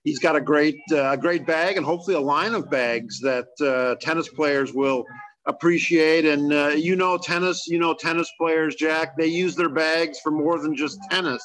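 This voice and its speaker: A man's voice: on the high side, steady tone, moderate pace, a bit bright, low-quality recording. A man hosting an interview, asking chatty, folksy questions with fillers. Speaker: interview host. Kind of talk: casual interview.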